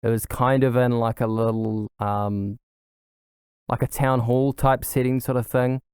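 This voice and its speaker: A man's voice: medium pitch, fairly even intonation, a little slow, a little mellow, clear, resonant tone, dry recording, studio quality. A young adult man hosting a casual solo podcast, talking in an eager, rambling way with many fillers and restarts. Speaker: podcast host.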